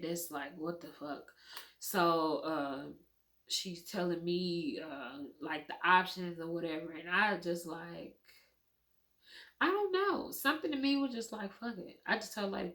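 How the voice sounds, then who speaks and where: A woman's voice: on the low side, a bit bright. A young adult woman telling her birth story to viewers in a candid, emotional, casual storytime, swearing freely.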